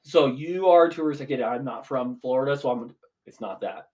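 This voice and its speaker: A man's voice: medium pitch, a little fast, a little mellow. A young man in his twenties ranting casually as a podcast co-host, swearing freely. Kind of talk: casual chat.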